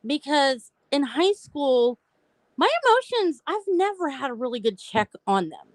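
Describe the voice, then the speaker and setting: A woman's voice: high voice, sing-song, a little slow, no echo. A woman, openly and talkatively telling her own story to viewers on a live stream. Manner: open, talkative, addresses viewers directly. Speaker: host of a live stream about mental health. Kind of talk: personal storytelling, casual chat.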